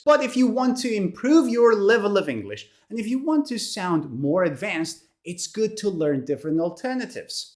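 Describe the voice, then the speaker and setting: A woman presents an online English vocabulary lesson. Her intonation rises and falls widely as she talks, and she slows down to repeat each new word for pronunciation practice. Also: mid-range voice. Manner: animated, slowly repeats key words for pronunciation. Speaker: English teacher.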